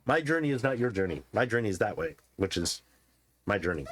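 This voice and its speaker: A man's voice: on the low side, sing-song, brisk, a bit bright, pitched below the performer's own voice. A man voicing an eccentric, cheerful wandering peddler who gushes as he hands out odd gifts. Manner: quirky, gushing, gift-giving.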